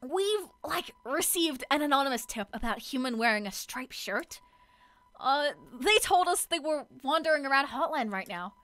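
A woman's voice: high voice, animated, moderate pace, a bit bright, no room sound. A woman doing a ditzy valley-girl voice for an armored guard in a video game, airy and bubbly, saying "like" a lot. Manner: airy, bubbly "pick me" voice full of "like".

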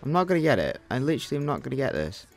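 A man's voice: mid-range voice, sing-song, racing, loud music behind the voice. A young man co-hosting a gaming channel, commenting on his gameplay in a grumbling, exasperated rant.

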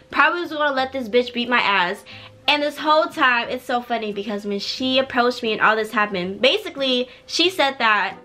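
A young woman in her twenties recounts a story for her vlog, talking bluntly with slang and swearing. Her voice sits a little high and sounds bright and sharp. She keeps the volume low because it is night at home. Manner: drops to a quieter voice so neighbors won't hear. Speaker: vlogger. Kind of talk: casual storytime.

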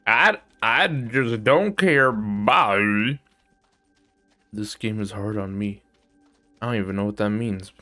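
A man's voice: lowish voice, slow pace, long pauses, soft background music. A man streaming a shooter game, swearing and complaining about his health as enemies kill him. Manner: frustrated, swearing, yelling at the game. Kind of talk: casual gameplay commentary.

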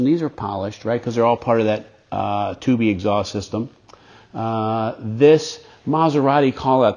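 A man's voice: medium pitch, a little mellow. Chatty enthusiastic car dealer man. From United States. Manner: enthusiastic, chatty salesman talk. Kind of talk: casual walkaround presentation.

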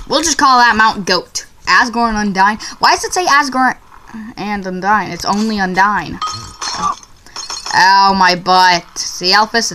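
Young female gamer, easily excited, yelps at mistakes; slow-paced chat over faint hiss. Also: mid-range voice. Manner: excitable, yelps and shrieks at failures. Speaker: gaming YouTuber. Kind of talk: gameplay commentary.

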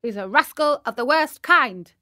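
A woman's voice: high voice, lively intonation, moderate pace, sharp tone. A woman doing a stern, scolding cricket. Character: stern, wise talking cricket.

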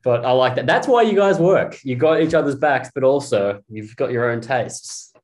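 A man's voice: mid-range voice, expressive, normal speed, a little mellow. A man co-hosting a casual interview, joking and laughing as he poses playful hypothetical questions. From Australia. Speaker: podcast co-host.

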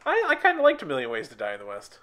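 A man's voice: medium pitch, huge pitch swings, rapid-fire, bright, forceful tone. A man co-hosting a casual podcast who laughs often and quotes comedy lines. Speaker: podcast co-host. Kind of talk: casual chat about movies.

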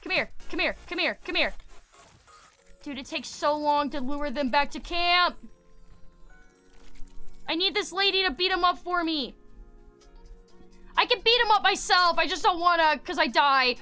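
A woman streaming a game, chatting casually with her viewers, excitable, repeating herself and swearing. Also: very high-pitched, normal speed, pauses often, faint music behind. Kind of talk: casual gameplay commentary.

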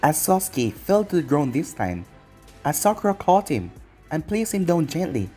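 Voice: normal speed, faint music behind. A narrator reading fan fiction aloud in plain storytelling fashion. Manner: plain storytelling with lively pitch.

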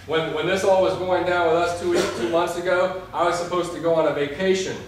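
A man's voice: high-pitched, steady tone, fairly quick, slight background noise. A young adult man, a pastor, preaching an earnest sermon and telling stories with quoted prayers. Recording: echoey hall, mic far off.

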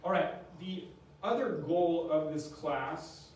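Man, history professor, explanatory lecture, slightly higher voice, recorded from afar. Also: slow pace, darkish tone. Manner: explanatory, asks and answers his own questions. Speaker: history professor giving a public talk. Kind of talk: lecture with slides. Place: museum talk room. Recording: very echoey room, distant mic, faint noise.

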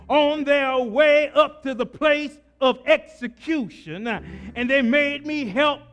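A man preaching a sermon in a rhythmic, repetitive style with frequent "uh" fillers, building to shouted climaxes. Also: very high-pitched.

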